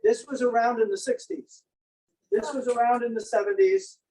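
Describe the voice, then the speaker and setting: A man's voice: extremely high pitch, lively intonation, normal speed, mellow, far from the mic, low-quality recording. A man giving a playful, jokey show-and-tell presentation on old inventions to an audience. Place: senior center room.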